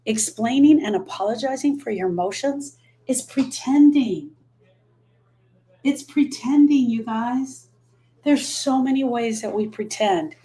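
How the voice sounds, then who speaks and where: A woman's voice: a little high, a little slow, mellow. Emphatic middle-aged woman grief coach. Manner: emphatic, repeats key phrases, answers viewer comments. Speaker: grief coach hosting a live stream. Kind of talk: live-stream talk to viewers.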